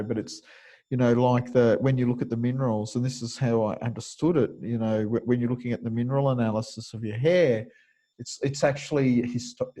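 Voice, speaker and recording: A man's voice: medium pitch, warm tone. A middle-aged man giving an informal webinar lecture, rambling and digressive, with many restarts and chuckles. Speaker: webinar presenter.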